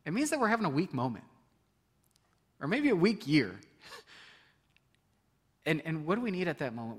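A middle-aged man preaching a sermon as pastor, in a conversational way, often laughing and swinging between loud emphasis and soft, quiet passages. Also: a little high, very animated, normal speed, long pauses, breathy edge.

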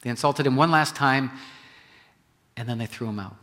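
Pastor guy preaching, goes loud then drops way down soft, middle pitch, long echo in a big church. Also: moderate pace. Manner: dramatic swings from loud emphasis to soft hushed phrases. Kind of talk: sermon.

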